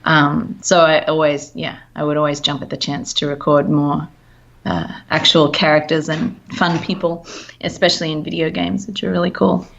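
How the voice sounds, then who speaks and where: An Australian woman talks casually as an interview guest. Her voice sits low, and she laughs easily and trails off now and then. The audio is muffled and dull. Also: level tone, normal speed, creaky, fairly bright tone. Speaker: voice actor guest.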